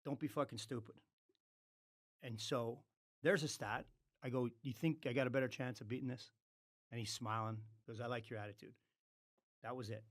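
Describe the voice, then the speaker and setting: A man's voice: medium pitch, steady tone, normal speed, pauses often, no room sound. Blunt man telling a story, dry sound. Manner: blunt, acts out quoted dialogue. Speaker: podcast guest. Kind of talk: casual anecdote.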